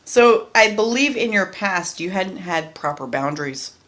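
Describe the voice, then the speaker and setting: A woman's voice: mid-range voice, lively intonation, a little slow, fairly bright tone. A woman doing a casual tarot card reading, chatty and blunt, who often repeats her phrases and swears freely. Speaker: tarot reader.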